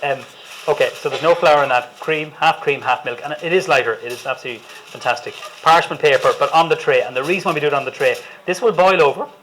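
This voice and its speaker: A man's voice: fairly high pitch, quick pace, fairly bright tone, a little hiss or hum, low-quality recording. A man with an Irish accent, a chef giving a chatty, enthusiastic live cooking demonstration to an audience and joking with them as he goes. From Ireland.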